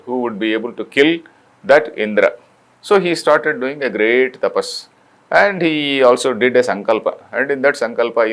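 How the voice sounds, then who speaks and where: An older man from India, lecturing on scripture, explaining patiently with many fillers and restarts and reciting Sanskrit verses. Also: mid-range voice. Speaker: spiritual lecturer.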